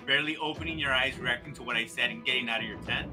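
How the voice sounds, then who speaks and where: A man's voice: medium pitch, racing, over music. Eager male player describing the scene. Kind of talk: casual chat in a tabletop game.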